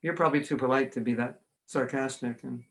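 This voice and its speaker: American male spiritual teacher, gravelly, anecdotal, humorous lecturer. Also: medium pitch, fairly even intonation, fairly quick. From United States. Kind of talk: online religious class.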